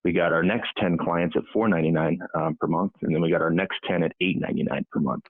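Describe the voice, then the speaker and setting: A man's voice: sits low, steady tone, quick pace, no room sound. Man talking over a tinny call line. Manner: talkative, many fillers and restarts. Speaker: podcast guest, agency owner. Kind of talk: casual conversational interview. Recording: tinny phone-like line, dry.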